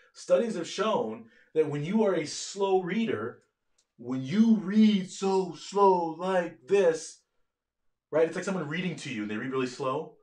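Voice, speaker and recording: Man, live online lecture, energetic, quizzes his audience, slightly high voice, echoey room. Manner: energetic, keeps asking the audience questions. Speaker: medical education lecturer. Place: office at home.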